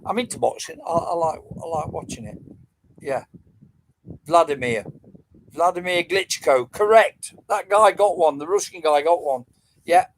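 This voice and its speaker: A man's voice: fairly high pitch, moderate pace, poor audio. A middle-aged man, rambling casually as he hosts a livestream quiz and chats with viewers. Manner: chatty, rambling, answering comments.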